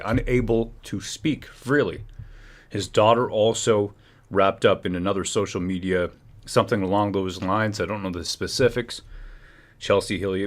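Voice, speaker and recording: A man hosting a live stream, commenting heatedly and often restarting his phrases. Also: lowish voice. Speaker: livestream host.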